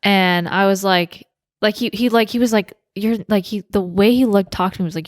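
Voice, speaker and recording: A woman's voice: mid-range voice, moderate pace, dry recording, studio quality. A woman co-hosting a podcast, chatting casually and acting out both sides of the story she tells. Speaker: podcast co-host. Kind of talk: casual chat.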